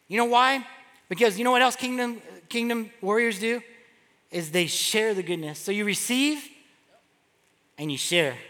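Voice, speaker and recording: A man preaching with a high, bright and forceful voice, swinging from soft asides to loud calls to the congregation. His words ring out with a long reverb from a large church hall. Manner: animated preaching, acts out quotes. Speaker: pastor. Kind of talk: sermon.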